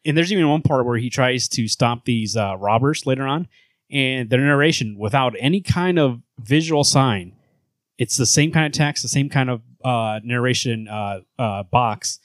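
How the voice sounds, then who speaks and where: A man co-hosts a comics podcast, recapping a comic in casual chat that rambles, swears, and leans heavily on fillers. His voice is medium-pitched at a moderate pace, and the recording is dry.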